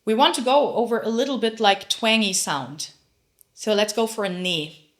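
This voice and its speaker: A woman's voice: medium pitch, moderate pace. A woman teaching a singing lesson, explaining technique and breaking into sung demonstrations. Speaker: vocal coach.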